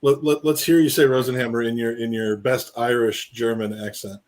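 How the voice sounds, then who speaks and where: A man's voice: medium pitch, fairly even intonation, brisk, darkish tone. Rambling, jokey male podcast host. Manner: rambling, jokey, many restarts. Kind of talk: casual live-stream chat.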